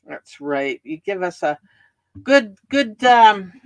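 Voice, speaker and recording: A kindly woman talking slowly and gently in casual conversation. Her words come out unhurried, and her pitch is ordinary. The sound is dry, with no room echo. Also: big pitch swings. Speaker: live stream co-host. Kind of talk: casual chat.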